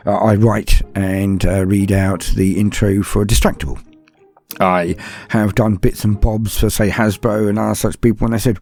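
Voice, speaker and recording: A man's voice: fairly low pitch, dark tone, breathy edge. A man from southern England with a BBC English accent, answering patron questions in a chatty, self-deprecating way with rambling asides. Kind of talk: casual podcast Q&A.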